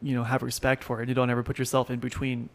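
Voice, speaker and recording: A man's voice: medium pitch, completely flat delivery, racing. A man chatting casually in a laid-back, rambling way, full of fillers. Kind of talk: casual chat.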